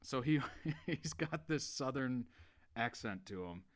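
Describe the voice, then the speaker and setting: A man's voice: medium pitch, lively intonation, takes it slowly. A man hosting a reaction video, casually explaining background and laughing along. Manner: easygoing, laughs while explaining.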